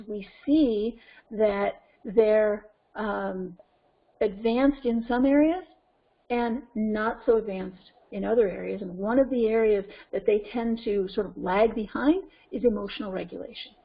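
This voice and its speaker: A woman parenting coach with a North American accent teaching a webinar in an animated way, acting out scenes. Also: medium pitch, unhurried. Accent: North American English. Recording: lo-fi conference call audio.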